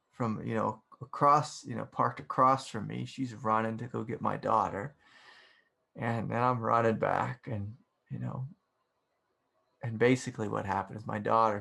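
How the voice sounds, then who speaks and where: Gravelly low-voiced man telling a story. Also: a bit bright. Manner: rambling, with many fillers and frequent chuckles. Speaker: meditation and spiritual teacher. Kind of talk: casual storytelling in an online satsang. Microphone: video call.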